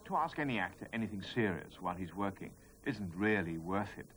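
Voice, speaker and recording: A man reads documentary narration in a low, even voice. His delivery is scripted, with a dry and wry edge. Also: brisk, a little hiss or hum.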